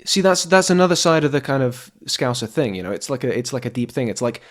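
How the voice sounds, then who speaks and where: A man's voice: mid-range voice, very animated, fast talker. A man from Texas co-hosting a podcast, playful and rambling in casual chat. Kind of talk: casual chat, joking accent impressions.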